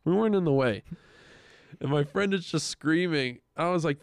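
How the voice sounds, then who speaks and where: A young man co-hosts a podcast, telling stories in a casual chat with animated energy, acting out quoted voices and swearing a lot. His voice is a little high and his speed normal, with no echo.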